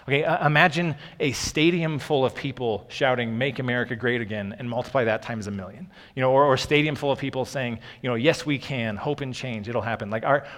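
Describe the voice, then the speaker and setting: A man's voice: mid-range voice, a bit bright. Man preaching in a reverberant hall. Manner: conversational, asides and repeated words. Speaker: pastor. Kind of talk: sermon.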